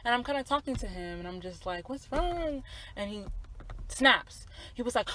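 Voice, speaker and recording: A young woman in her twenties, talking on a podcast with an everyday pitch. She tells a personal story in loose casual chat. She swears freely, drops in lots of fillers, and turns aside to address her listeners. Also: animated, normal speed, sharp tone, no room sound, poor audio. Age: 20s. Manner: candid, profane, many fillers and asides to listeners. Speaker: podcast co-host.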